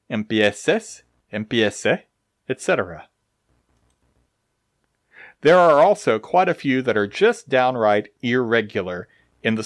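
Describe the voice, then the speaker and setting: A man teaches grammar at an unhurried pace. His pitch rises and falls a lot as he stresses each form. The sound is close and dry, with no room around it. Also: dry recording. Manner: slow, deliberate explanations with dry humor. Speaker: Spanish teacher. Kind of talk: recorded grammar lesson.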